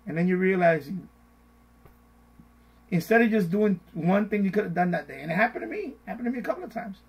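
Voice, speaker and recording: A middle-aged man hosting a finance live stream, repeating his points in a casual, animated way and mimicking panicked voices. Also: sits high, fast talker, husky, poor audio.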